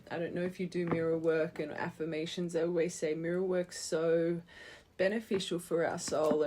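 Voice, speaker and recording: A woman's voice: lowish voice, a little mellow. A woman giving a spiritual tarot reading to her viewers, earnest and encouraging, thinking aloud as she goes. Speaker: tarot reader.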